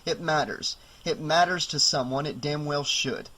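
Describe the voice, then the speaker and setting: Man voicing a weary middle-aged doctor, kindly, reluctant, plain talk, audiobook, bright, slightly high. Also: moderate pace, low-quality recording.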